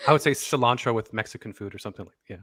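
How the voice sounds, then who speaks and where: A man's voice: mid-range voice, racing, crowd noise. A man chatting on a panel, rambling with many fillers and restarts. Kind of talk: casual panel chat.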